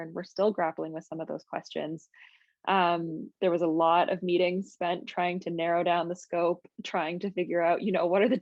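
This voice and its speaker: A woman's voice: lowish voice, a little mellow, no room sound. Heartfelt woman on a dull video call. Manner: heartfelt, hesitant, many fillers. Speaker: committee organizer. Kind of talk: closing remarks on a video call.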